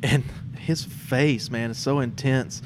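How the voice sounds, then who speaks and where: Male podcast host, mid pitch, relaxed and rambling, faint background hum. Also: takes it slowly. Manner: relaxed, rambling, many fillers and restarts. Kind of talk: casual interview chat.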